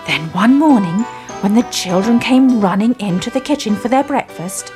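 A woman narrating a children's story in an animated, expressive reading. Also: fairly high pitch, normal speed, faint music behind.

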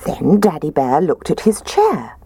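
A woman reading a children's storybook aloud in a gentle, expressive way. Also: low voice, a little slow, slightly rough, no echo.

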